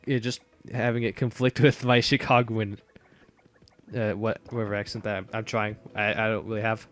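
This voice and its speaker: With a slight Southern US accent, a man gives casual commentary over a game playthrough, rambling with many fillers and restarts. His voice is on the low side with a level tone and normal speed, and faint music plays behind him.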